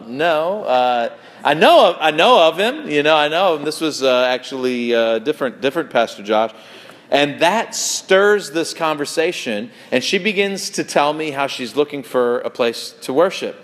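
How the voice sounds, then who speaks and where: A man's voice: medium pitch, fairly bright tone, big-room sound. A male pastor preaching a sermon, telling stories in a loose, conversational way with fillers and restarts.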